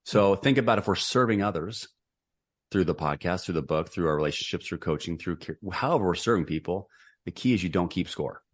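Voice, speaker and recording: Brief: middle-aged man, low voice, earnest podcast guest who rambles and restarts a lot. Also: lively intonation, brisk. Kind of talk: casual interview conversation.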